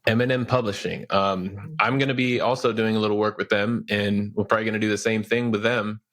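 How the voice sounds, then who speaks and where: A man's voice: lowish voice, steady tone, a little fast, a bit bright. A man hosting a podcast interview, casual and affirming, thanking his guest and pointing listeners to the show notes. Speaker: podcast host. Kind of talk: conversational interview.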